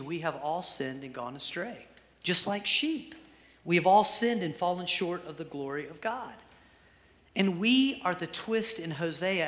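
A male pastor preaching a sermon, reading scripture slowly and softly, then speeding up for earnest asides. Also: on the high side, big-room sound.

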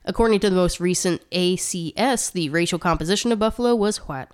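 Woman, podcast co-host, casual chat, low voice, smooth tone, slightly out of breath. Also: fast talker. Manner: chatty, reads out statistics with asides. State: short of breath.

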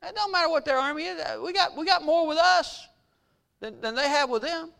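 A man's voice: very high voice, a little fast, gravelly, sharp tone, voice pushed up, exaggerated voice. A man voicing a carefree old male prophet in a folksy, offhand way during a sermon. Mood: breezy.

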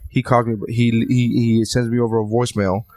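A man with a Miami accent, hosting a podcast, telling a profane, animated story and acting out the dialogue. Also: mid-range voice, fairly quick, no room sound. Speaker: podcast host. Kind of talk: casual chat, storytelling.

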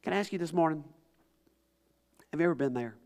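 Man, pastor, sermon, slightly higher voice, impassioned, loud-to-hushed swings. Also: animated, fast.

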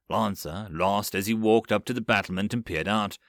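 A man narrating a web novel audiobook with expressive storytelling. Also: fairly low pitch, moderate pace, vocal fry, few pauses, no echo, clean studio sound.

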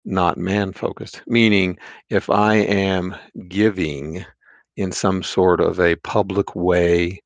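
A man co-hosting a Bible discussion, talking in a thoughtful, measured, casual way. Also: low voice, level tone, gravelly, dry recording, lo-fi sound. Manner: thoughtful, measured, adds points as they occur to him.

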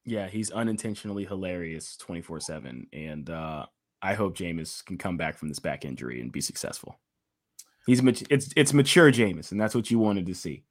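A man's voice: low voice, fairly quick, dry recording, clean studio sound. A man co-hosting a sports technology podcast, chatting casually and joking as he talks. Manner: animated, jokey, mimics voices for laughs. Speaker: podcast co-host. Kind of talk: casual sports-tech chat.

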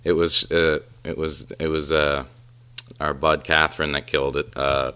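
A man's voice: rumbling low, level tone, sharp tone, clean tone. A man co-hosting a podcast, chatting casually, agreeing often and stumbling over restarts. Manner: agreeable, quick backchannels, stammering restarts. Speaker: podcast co-host. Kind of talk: casual chat.

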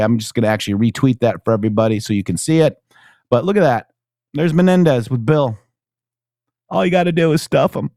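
A man hosting a casual political talk show, reading news aloud in a high, animated voice and dropping low and mumbly when thanking viewers. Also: dry recording, clean studio sound. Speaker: show host.

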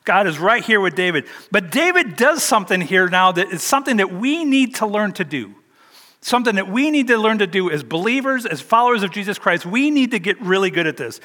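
A man's voice: sits high, very animated, a little fast, pushed and bright, big-room sound. An older man preaching a sermon, telling a personal story in a chatty, self-deprecating way. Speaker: pastor.

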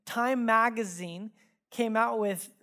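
A male pastor delivers a sermon in a loose, conversational way, weaving in stories from home. His talk is full of casual fillers. In reflective moments he softens to a hushed, earnest tone. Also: high voice, slow pace. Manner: drops to hushed, earnest tones when reflective. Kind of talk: sermon with personal storytelling. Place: church sanctuary.

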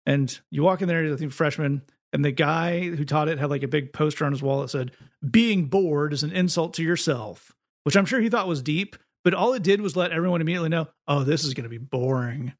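Male co-host, higher voice, wry and rambling. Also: a little fast. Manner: chatty, wry, repeats words as he starts sentences. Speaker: podcast co-host. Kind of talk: casual chat.

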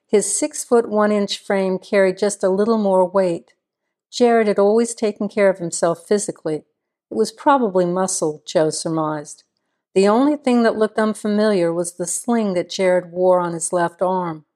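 A woman narrating a small-town crime novel in a measured storytelling manner. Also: medium pitch, a little mellow. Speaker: audiobook narrator. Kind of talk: scripted narration.

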